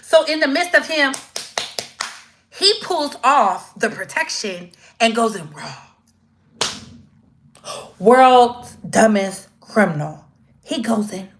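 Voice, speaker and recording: A woman giving casual live-stream commentary, slangy and animated, acting out quoted voices as she goes. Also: on the high side, slow pace, long pauses, a little hiss or hum.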